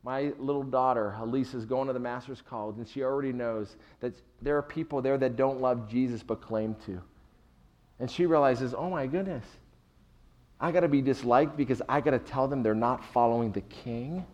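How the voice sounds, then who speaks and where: A middle-aged male pastor preaching a sermon with emphatic swings between soft and loud delivery. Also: mid-range voice, moderate pace, highs cut off.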